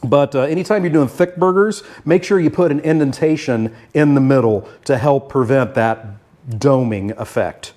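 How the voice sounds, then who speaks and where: A man's voice: medium pitch, moderate pace, a little mellow. An older man hosting a home cooking show, talking casually and folksily with frequent filler words.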